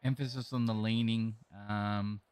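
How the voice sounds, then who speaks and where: A man's voice: fairly low pitch, steady tone, unhurried, darkish tone, clear, resonant tone. An Australian man live streaming a game, chatting casually and greeting his viewers as mate and bro. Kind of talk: casual chat reading live chat while gaming.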